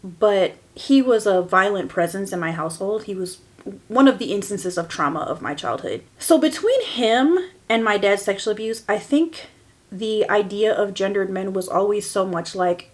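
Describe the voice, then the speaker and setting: A woman's voice: mid-range voice, animated, moderate pace. Woman in her 40s, podcast host, candid and emotional, just talking it through. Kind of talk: personal podcast monologue.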